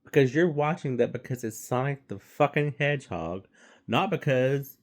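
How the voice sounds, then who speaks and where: A man's voice: medium pitch, animated, moderate pace. A man giving a casual, rambling movie review, swearing freely and stumbling through fillers and restarts.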